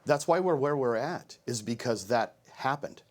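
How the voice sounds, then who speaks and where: A man's voice: mid-range voice, lively intonation, normal speed. A man speaking in a political debate, making pointed, argumentative points about law enforcement. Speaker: sheriff candidate. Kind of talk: debate answer.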